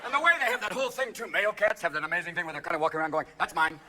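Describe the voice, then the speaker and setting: A middle-aged man doing a manic stand-up routine, switching rapidly between characters and bursting into shouts. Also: sits high, lively intonation. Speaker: stand-up comedian. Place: theater stage before a live audience. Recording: live show recording with crowd laughter and noise.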